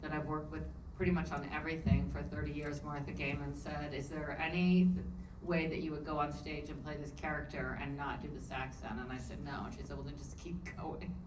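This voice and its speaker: A woman's voice: low-pitched, brisk. A woman from New Orleans with a Southern accent, an actress telling stories at a panel Q&A with lots of laughter. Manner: animated, laughing storyteller. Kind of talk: panel Q&A chat. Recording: roomy hall, distant mic, faint noise.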